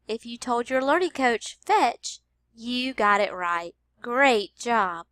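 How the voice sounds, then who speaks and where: A woman teaching a phonics lesson to young children, speaking slowly and sounding out each word with care. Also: a little high, lively intonation, a bit bright, dry recording. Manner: slow, careful, over-enunciated.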